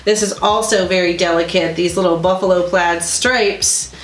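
A woman's voice: lowish voice, steady tone, moderate pace. A woman co-hosting a crafting video, chatting casually, laughing often and explaining each step. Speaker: co-host of a crafting channel. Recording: echoey room with faint music.

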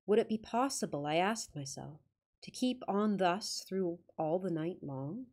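A woman's voice: fairly low pitch, lively intonation, unhurried, darkish tone. A woman narrating a classic ghost story with dramatic reading and wry, joking asides.

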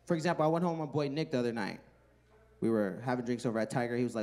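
A man doing stand-up comedy on a live stage, telling a profane story in an animated way. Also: medium pitch, racing.

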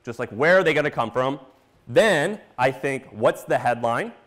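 A man from Missouri giving a casual conference talk, animated and full of fillers, acting out his own reactions as he tells stories. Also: mid-range voice, normal speed. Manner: animated, storytelling with quoted reactions and filler words. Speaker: conference speaker.

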